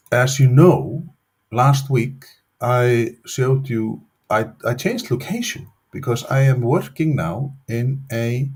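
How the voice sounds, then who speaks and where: Male host, unhurried, hesitant, joking manner. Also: mid-range voice. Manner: slow, hesitant, playful. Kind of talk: casual interview chat.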